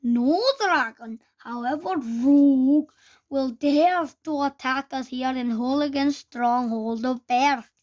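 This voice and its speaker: A woman reading aloud and voicing a loud, bossy man teacher who scoffs and roars at his pupils. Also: high-pitched, takes it slowly. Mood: pompous. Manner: roaring, scornful.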